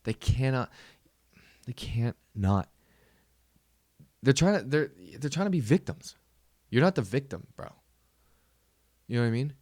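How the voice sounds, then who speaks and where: A man's voice: mid-range voice, lively intonation, unhurried, pauses often, a little mellow, no room sound, clean studio sound. A man hosting a comedy podcast, ranting in a casual, exasperated and profane way that rambles along.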